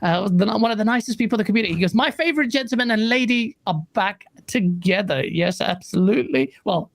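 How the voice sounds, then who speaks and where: A woman co-hosting a live gaming podcast stream, chatting casually and shouting out viewers as she reads chat messages. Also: on the high side, dry recording. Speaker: livestream podcast co-host.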